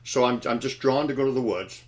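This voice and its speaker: Sex: man. Role: panelist. Style: casual chat. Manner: halting, stop-start. Mic: video call. Pitch: middle. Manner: halting, restarts and trailing phrases.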